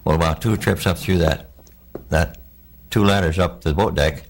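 An older man, a war veteran, recounting his memories in a plainspoken, halting oral-history interview. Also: low voice, slight background noise.

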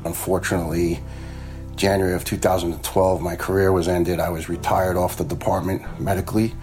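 A man's voice: sits low, level tone, fairly quick, a little mellow, faint music behind. A man, a retired fire lieutenant telling personal stories in a blunt, frank way, swearing freely and acting out the dialogue he quotes. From New York area. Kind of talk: casual personal storytelling.

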